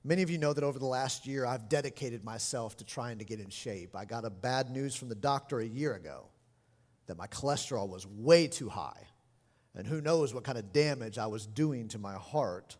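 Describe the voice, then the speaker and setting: A middle-aged man preaching a sermon as pastor, animated and expressive, lively in his delivery. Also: mid-range voice, normal speed. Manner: animated preaching, lively mimicry of scolding parents. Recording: long hall reverb.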